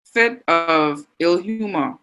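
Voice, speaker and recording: A woman's voice: lowish voice, slow pace, fairly bright tone, clean tone, low-quality recording. Encouraging Bahamian woman teaching online. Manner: encouraging, reads out student answers. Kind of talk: online class lesson.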